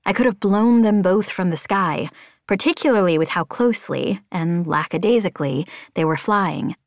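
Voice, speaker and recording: A woman reading a novel aloud in the first person, with expressive, tense storytelling. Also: lowish voice, normal speed, no echo, clean studio sound. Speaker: audiobook narrator.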